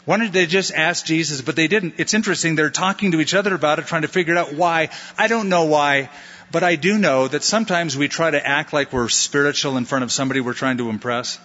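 Lively, conversational male pastor preaching. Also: a little high, fast talker, big-room sound, dull audio. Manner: conversational, acts out disciples' lines with playful put-on voices. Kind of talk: expository sermon.

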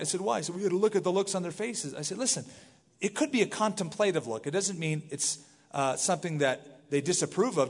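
A middle-aged man preaches to a congregation, his voice sitting a little high. He reads the scripture and breaks off into casual, animated asides. The sound carries a long reverb from the sanctuary. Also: quick pace. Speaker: pastor. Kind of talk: verse-by-verse sermon. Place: church sanctuary.

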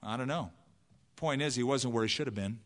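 A man's voice: mid-range voice, brisk, big-room sound. A man preaching a sermon in a conversational way, acting out the voices he quotes. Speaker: pastor.

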